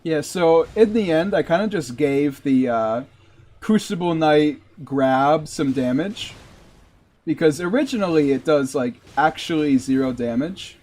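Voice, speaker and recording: Man, game streamer, casual live-stream chat, rambling, slightly high voice, unhurried. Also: animated, a little mellow. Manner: rambling, heavy use of "like".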